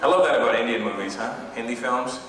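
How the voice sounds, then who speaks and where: A brash, self-mocking stand-up comedian from Canada, working the stage in a hot hall. His voice rings with a heavy echo and sounds distant from the mic. Loud hiss from an old tape runs underneath. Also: medium pitch, fast, over a noisy crowd. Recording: echoey hall from far off, noisy old tape.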